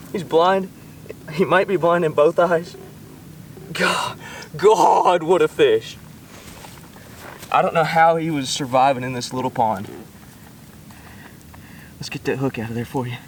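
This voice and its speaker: A man vlogging outdoors by a small pond, shaky and keyed up, full of excited exclamations and coaxing the fish he's landing. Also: a little high, measured pace, pauses often, distant mic, slight background noise, low-quality recording. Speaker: fishing vlogger. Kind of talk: excited outdoor vlog commentary. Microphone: camera set up nearby.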